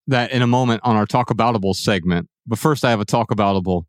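A man's voice: fairly low pitch, fast, dry recording, clean studio sound. A man with a Midwestern American accent co-hosting a casual podcast, telling stories and playfully mimicking other people's voices. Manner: animated, playful voices when quoting people. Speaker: podcast co-host.

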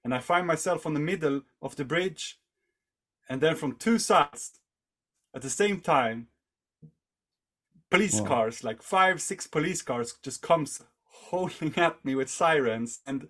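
Rambling man with a slightly high voice. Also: animated, unhurried, a bit bright. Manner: rambling, heavy on fillers like "like" and "you know". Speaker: podcast guest. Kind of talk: casual storytelling.

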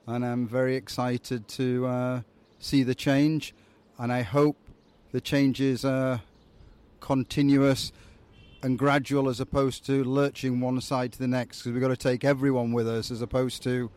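Man with a Yorkshire accent, street interview; measured, optimistic, mid-range pitch. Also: flat delivery, a little mellow, clean tone. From England. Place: city street outdoors.

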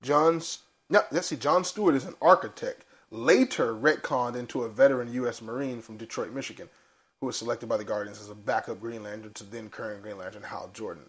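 A man co-hosting a casual pop-culture podcast, animated and swearing freely as he tells stories. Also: mid-range voice, a little fast. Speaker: podcast co-host. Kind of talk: casual chat.

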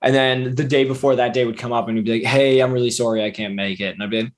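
A man's voice: mid-range voice, fairly even intonation, quick pace. A man who is a comedian guest on a podcast, telling stories in a rambling, hesitant way. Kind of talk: casual chat.

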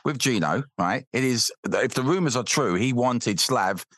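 A man talks in a rambling, animated way, with his pitch swinging widely. His voice is close and dry, with no room around it. He trips and repeats himself as he works through a point. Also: measured pace, no echo. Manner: animated, rambling, repeats words when worked up. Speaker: podcast guest, football fan. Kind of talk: casual podcast chat.

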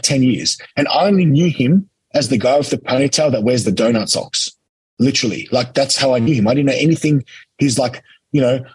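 A young Australian man, an interview guest, telling a lively casual story and acting out quoted lines. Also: medium pitch, breathy edge, dry recording, low-quality recording. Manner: animated anecdote-telling, acts out quotes. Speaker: interview guest, competitive eater.

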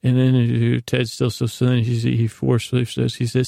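Gravelly, low-key man recapping a show. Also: completely flat delivery, moderate pace, warm tone, no echo, clean studio sound. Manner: meandering, casual, many fillers and restarts. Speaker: sleep podcast host. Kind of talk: rambling bedtime recap.

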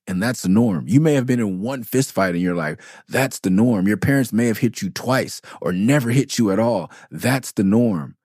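A man's voice: fairly low pitch, expressive, moderate pace, a little mellow, husky, dry recording, studio quality. A middle-aged man from Los Angeles hosting a podcast, telling blunt, profane stories in a rambling, candid way. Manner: raw, profane, restarts and loops back on himself. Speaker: podcast host, rapper. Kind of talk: candid storytelling monologue.

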